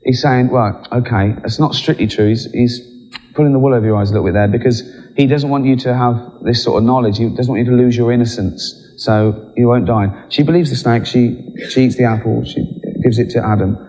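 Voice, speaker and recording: A man's voice: mid-range voice, mellow. Dry man, stand-up storytelling. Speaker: stand-up comedian. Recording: long hall reverb.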